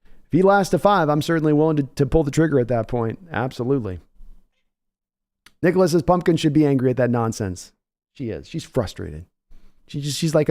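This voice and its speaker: A man's voice: on the high side, animated, brisk, pauses often, a little mellow. A man hosting a live sports reaction stream, reading out donations and chatting casually with his viewers. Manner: reads donations aloud, chatty and hyped.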